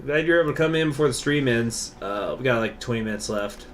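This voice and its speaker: Livestreaming a strategy game, a man rambles and wanders off topic in casual, filler-packed commentary. He talks quickly in a medium-pitched, slightly bright voice, with a little background noise.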